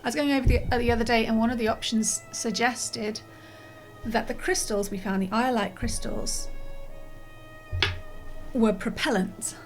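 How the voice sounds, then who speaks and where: A woman's voice: fairly high pitch, fairly even intonation, moderate pace, long pauses, soft background music. A woman streamer chatting casually over a game, rambling and apologetic, a little out of breath and yawning. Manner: rambling and apologetic, many restarts and fillers. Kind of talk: casual let's-play commentary.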